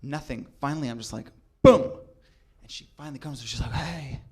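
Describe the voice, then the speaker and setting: A young adult man telling a comedic true story, animated and acting out the people in it. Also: mid-range voice, fairly quick, breathy edge. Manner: animated, acts out voices in quotes.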